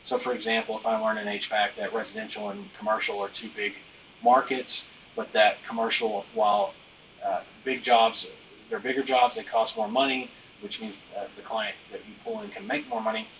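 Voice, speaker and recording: A man's voice: fairly low pitch, animated, moderate pace, creaky, a bit bright, far from the mic, a little hiss or hum, low-quality recording. A man hosting a business training live stream, talking loosely and emphatically, with lots of fillers and the odd bit of slang.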